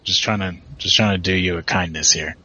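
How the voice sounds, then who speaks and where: A man voicing a tough, sincere female orc who speaks bluntly and haltingly. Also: low voice, fairly even intonation, sharp tone, husky, pitched below the performer's own voice, exaggerated voice. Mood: earnest. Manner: plain-spoken, halting, apologetic. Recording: dull lo-fi podcast audio.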